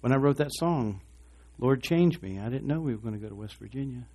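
A man's voice: mid-range voice, lively intonation, fairly quick, warm tone. A man preaching a sermon, asking the congregation to respond and acting out short voices. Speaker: pastor.

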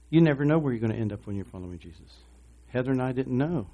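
A man's voice: mid-range voice, animated, fast talker, hardly any pauses, dark tone. A man preaching a sermon, asking the congregation to respond and acting out short voices. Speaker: pastor.

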